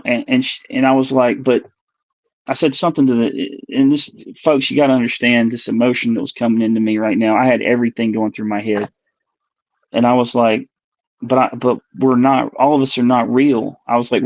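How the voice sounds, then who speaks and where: A man's voice: medium pitch, a little mellow, no echo. A man being interviewed as a guest, earnestly telling a personal encounter story and repeating and reworking his phrases as he searches for words. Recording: dull, dry recording.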